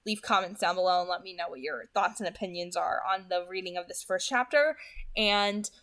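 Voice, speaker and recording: A woman's voice: fairly low pitch, fairly quick, fairly bright tone. A woman in her twenties with a New Jersey accent, rambling through casual commentary after a read-aloud on her channel and often repeating her words. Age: 20s. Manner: chatty, rambling, repeats words, many fillers. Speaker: book reading channel host. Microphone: home studio microphone.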